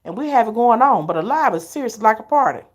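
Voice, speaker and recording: A middle-aged woman, hosting a live stream and telling her viewers stories in an animated, chatty way, laughing often. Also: fairly high pitch, fast. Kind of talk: casual storytelling to viewers.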